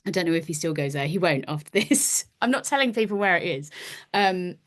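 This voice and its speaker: Speaking fairly quickly in a fairly low, expressive voice, this forties-aged woman is a podcast guest who acts and makes music. In loose, anecdotal conversation she pokes fun at herself and performs her own dialogue.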